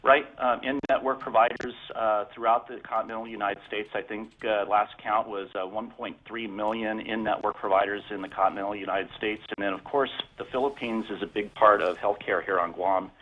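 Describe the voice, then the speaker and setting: Low-voiced man on a tinny phone line. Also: brisk, hardly any pauses. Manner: steady, informative, with fillers. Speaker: health insurance representative. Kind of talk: phone-in radio interview. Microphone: telephone.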